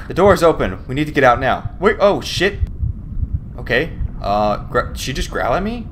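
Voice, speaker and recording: While playing a horror game, this male YouTuber keeps up an excitable, heavily profane commentary, yelping and laughing whenever something startles him. He speaks at normal speed with a fairly high pitch, over a slight hiss or hum.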